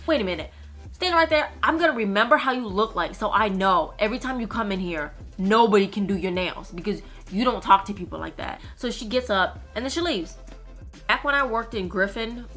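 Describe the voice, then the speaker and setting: Young woman, from Minnesota, bright forward voice, blunt story-time delivery with swearing. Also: on the low side. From United States (Minnesota). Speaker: nail technician and vlogger.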